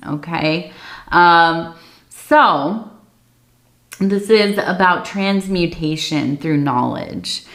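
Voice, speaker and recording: A woman giving an ASMR tea leaf reading, talking softly and meandering with many fillers. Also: low-pitched, roomy sound.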